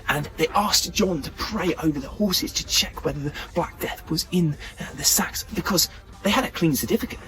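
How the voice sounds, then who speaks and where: Chatty storyteller, man, fairly high voice, for children's church. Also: moderate pace, few pauses. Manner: lively, chatty with fillers.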